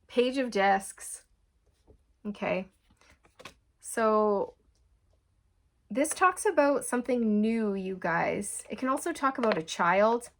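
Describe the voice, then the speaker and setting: A woman's voice: medium pitch, expressive, takes it slowly, long pauses, slight background noise. Chatty woman doing a tarot reading. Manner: warm, repetitive, addresses viewers as you guys; often laughs and says okay. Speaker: tarot reader.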